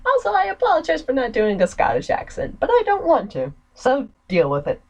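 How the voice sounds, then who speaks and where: A woman's voice: high-pitched, huge pitch swings, a little fast, muffled recording. Offhand American woman playing a game. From United States. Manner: offhand, self-mocking asides. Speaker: let's player. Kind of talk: casual gameplay commentary.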